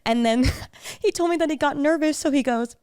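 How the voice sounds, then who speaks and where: A woman's voice: a little fast, a little mellow, no echo, clean studio sound. A young woman co-hosting a podcast, telling gushing stories in casual chat and acting out the voices of the people she quotes. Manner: gushing storyteller, acts out quoted voices with big pitch jumps. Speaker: podcast co-host.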